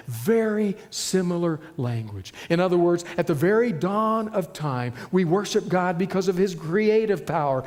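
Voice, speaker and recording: Male preacher, a touch high-pitched, dramatic sermon delivery with hushed emphasis, echoing hall sound. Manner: dramatic shifts between loud and hushed delivery.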